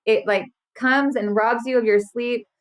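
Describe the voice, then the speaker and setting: Higher-voiced earnest woman guest. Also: unhurried. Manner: earnest, animated, acts out quotes. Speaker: burnout specialist guest. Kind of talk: casual interview chat.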